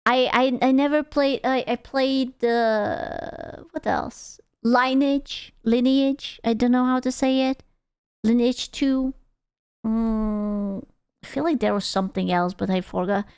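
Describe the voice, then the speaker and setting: A young woman chats through a video reaction, joking crudely and tripping over restarts. Her voice sits a little high and sounds smooth and clear. The close mic gives a dry, intimate sound. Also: steady tone, a little slow, darkish tone, no room sound. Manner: chatty, crude, jokey, with stumbling restarts. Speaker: VTuber streamer reacting to a video. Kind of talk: casual reaction commentary.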